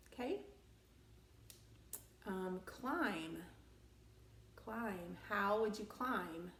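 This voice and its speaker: A woman teacher, patiently walking young children through a grammar lesson, asking questions and answering them herself. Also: medium pitch. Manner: patient, encouraging, asks and answers her own questions. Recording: roomy sound, slightly far from mic.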